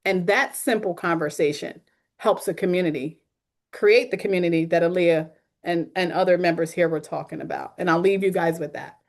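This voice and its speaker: A woman's voice: on the low side, fairly quick. A woman social worker speaking as a guest on a video call, telling stories with humor and a frank, realistic manner. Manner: lively storytelling with acted quotes. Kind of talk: webinar talk.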